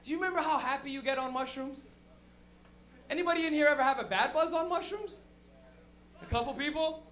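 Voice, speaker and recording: A young man doing a loose, crude stand-up set on a comedy club stage with an animated storytelling manner. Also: very high-pitched, a little fast, long pauses.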